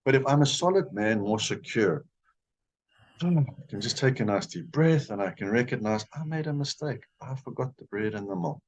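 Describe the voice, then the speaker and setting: A man speaking as a guest, explaining relationships with animated examples. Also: mid-range voice, moderate pace. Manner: animated, acts out dialogue. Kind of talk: teaching conversation.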